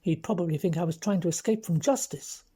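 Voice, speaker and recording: A woman's voice: fairly low pitch, brisk, dark tone, slightly rough. A woman with an English accent voicing a sulky young man who grumbles plaintively at his friend.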